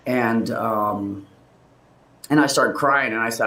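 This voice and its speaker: Speaking slowly in a mid-range voice with a sharp tone, a man shares a personal story in casual conversation. He's candid and emotional, rambling, restarting, and laughing, picked up by a distant mic in a roomy space.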